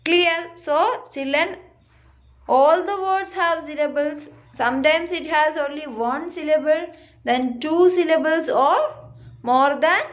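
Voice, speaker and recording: A woman with a Malayali English accent teaches a grammar lesson to a class. Her voice sits high, and she talks at an unhurried pace. She says words over slowly and keeps checking in with the class. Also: a bit bright. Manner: checks in with "huh?" and "clear?", repeats words slowly.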